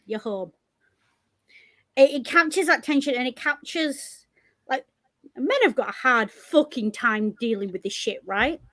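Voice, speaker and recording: High-voiced Yorkshire woman, blunt. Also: a little slow, long pauses. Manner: animated, blunt, swears freely. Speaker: podcast co-host. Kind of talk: casual chat.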